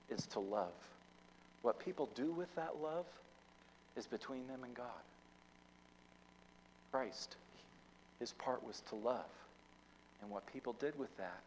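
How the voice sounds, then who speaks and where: A man's voice: medium pitch, slight background noise, low-quality recording. A man preaching a sermon as pastor, telling a story with many fillers and restarts, his volume rising and falling. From United States.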